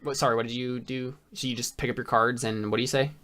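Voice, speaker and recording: A man's voice: medium pitch, fairly even intonation, quick pace, pushed and bright. A man narrating as game master of a tabletop game in a rambling, filler-heavy way.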